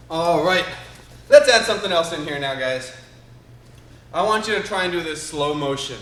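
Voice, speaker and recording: A man's voice: fairly high pitch, expressive, measured pace, long pauses, fairly bright tone. A man teaching a live online karate class for kids, upbeat and encouraging as he calls out counts and commands, filmed in a martial arts studio by a camera a few steps away. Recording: roomy studio echo.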